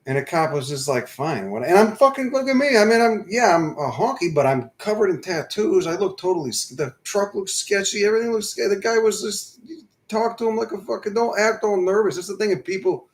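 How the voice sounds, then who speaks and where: A man's voice: sits high, lively intonation, a little fast. Man rambling profanely on a livestream. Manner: profane, digressive, laid-back storyteller. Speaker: livestream host. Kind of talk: casual rambling live-stream chat.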